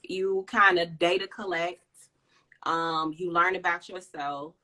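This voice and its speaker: Woman host, a life coach, earnest and encouraging, lowish voice with a bright edge. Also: steady tone, slow pace, poor audio. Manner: earnest, encouraging, laughs often. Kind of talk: casual chat, giving advice.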